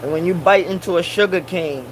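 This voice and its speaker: A man's voice: sits high, fairly quick, a little hiss or hum, rough recording. A man in a casual monologue who preaches and repeats his points for emphasis, using Rasta slang and Caribbean English grammar.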